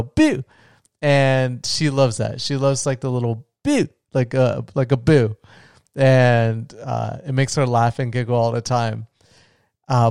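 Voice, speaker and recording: Smooth-voiced young dad gushing on a podcast. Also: male voice, medium pitch, dry recording, clean studio sound. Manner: gushing, rambling with restarts. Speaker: podcast host. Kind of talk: casual solo podcast talk.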